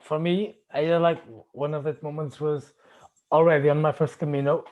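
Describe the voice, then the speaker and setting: Halting man searching for words. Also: fairly high pitch, level tone, phone-quality sound. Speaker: podcast host. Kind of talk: casual chat, personal stories.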